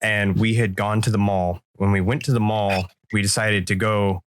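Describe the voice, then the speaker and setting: Low-voiced man telling a story, dry. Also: fairly even intonation, moderate pace, no echo. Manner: loose, profane, acts out quoted lines. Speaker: podcast co-host. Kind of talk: casual storytelling.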